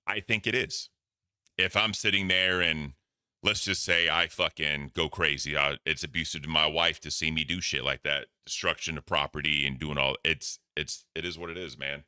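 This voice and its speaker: A man's voice: a bass voice, steady tone, moderate pace, sharp tone, clean tone, dry recording, studio quality. A man hosting a casual stream, commenting on clips in a blunt, rambling, profane way. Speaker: host.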